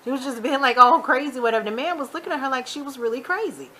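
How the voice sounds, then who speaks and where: A woman hosting a casual TV episode recap, chatty and animated, retelling scenes with quick asides. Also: high-pitched. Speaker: YouTube TV recap host.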